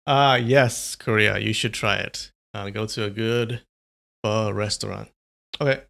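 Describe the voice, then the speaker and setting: A man's voice: on the low side, fairly even intonation, unhurried, gravelly, a bit bright. A young man chatting casually on a live stream, rambling and answering viewers' comments.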